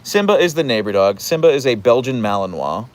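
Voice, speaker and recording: A man hosting a casual live stream outdoors in light rain, chatting with viewers in an animated way. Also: mid-range voice, fairly quick. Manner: chatty and animated, acting out his dogs in funny voices. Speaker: host answering live chat.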